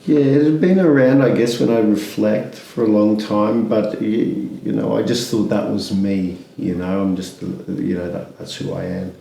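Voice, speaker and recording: A man's voice: lowish voice, normal speed, gravelly, hardly any pauses, dark tone, roomy sound, low-quality recording. A man, speaking candidly as an interview guest, rambling with many restarts and fillers.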